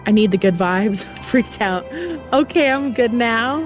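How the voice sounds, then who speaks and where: A woman's voice: a little high, a little slow, soft background music. A young woman streaming a game, chatting casually and reading the dialogue aloud, laughing often.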